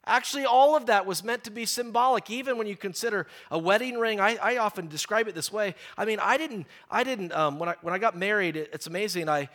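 A middle-aged man preaching a sermon, stressing key phrases slowly and often repeating words as he talks. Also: sits high, a bit bright.

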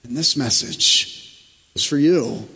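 Slow, emphatic preacher in a reverberant church. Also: male voice, breathy edge. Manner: emphatic preaching, often sinking to a hushed, low tone. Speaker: pastor. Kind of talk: sermon. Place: church sanctuary.

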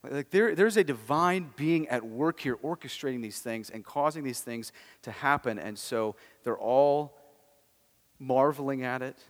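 Animated preacher in a reverberant hall. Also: male voice, mid-range voice, unhurried. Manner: animated, emphatic storytelling with rhetorical questions. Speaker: pastor. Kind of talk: sermon.

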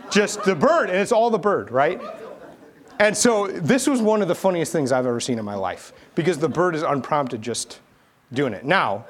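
A man preaching a sermon as pastor, telling stories in a casual, animated, conversational way. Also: a little high, normal speed, some chatter behind. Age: adult, army veteran.

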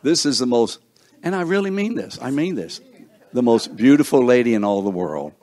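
An older man with an expressive, dark-toned, mid-range voice introduces guests one by one at a seniors breakfast, speaking at normal speed. He jokes and teases playfully as he goes, sometimes stumbling over names.

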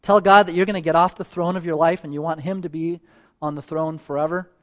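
Speaking fast in a fairly high, steady voice, this elder pleads earnestly with his congregation. He hammers home repeated phrases and closes the sermon by praying aloud.

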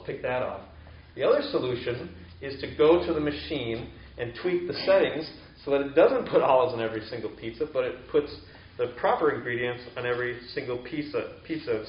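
A man's voice: medium pitch, a little hiss or hum. A man giving a sermon in a conversational, explanatory way, with filler words as he teaches. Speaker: pastor. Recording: echoey, distant, dull mic with faint ambience.

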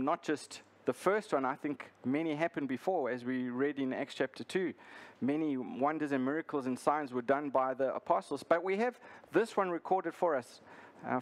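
A man delivering a sermon, reading scripture and then teaching in an earnest, unhurried way. His voice sits a little high for a man, and he often restarts phrases with fillers. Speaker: pastor.

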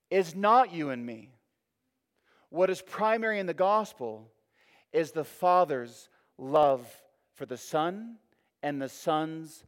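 A man preaching a sermon with emphatic delivery, rising and falling and repeating phrases for effect. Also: on the high side. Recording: long reverb of a hall.

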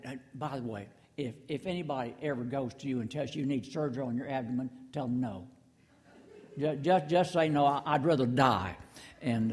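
An older man preaching a sermon, folksy and halting, with frequent restarts and asides to the congregation. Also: medium pitch, darkish tone, in a large hall. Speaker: pastor. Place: church sanctuary.

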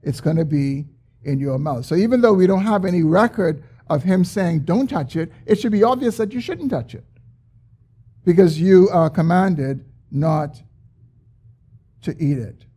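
A man preaching a sermon, explaining a scripture passage with emphatic, drawn-out stresses. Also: high-pitched, animated, warm tone, slightly rough. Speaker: pastor.

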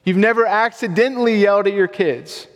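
Conversational young pastor in a reverberant hall. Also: male voice, high-pitched, brisk. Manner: casual, conversational, self-deprecating humor. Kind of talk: sermon.

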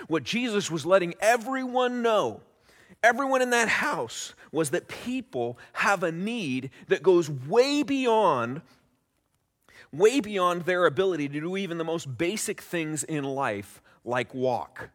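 A male pastor preaching a sermon in an expressive, storytelling way with dramatic pauses. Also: fairly high pitch. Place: church sanctuary. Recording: long reverb of a church hall.

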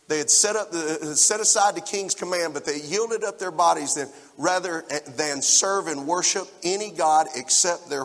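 A man in his forties preaching a lively sermon and talking straight to the congregation in a church hall. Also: medium pitch, gravelly, slightly rough. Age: 40s. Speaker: pastor. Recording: long church-hall reverb.

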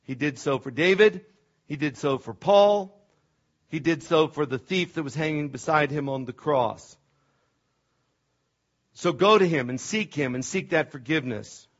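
A man's voice: fairly high pitch, unhurried, long pauses. A middle-aged man preaching a sermon as pastor, impassioned and emphatic, often stumbling over restarts. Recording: dull lo-fi sermon recording.

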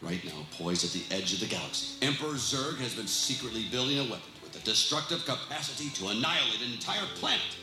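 An actor voicing an earnest, self-important male toy space ranger who makes grandiose, solemn heroic pronouncements, from an animated film soundtrack. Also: medium pitch, fast talker, hardly any pauses, close to an everyday voice. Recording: film soundtrack with music and echo.

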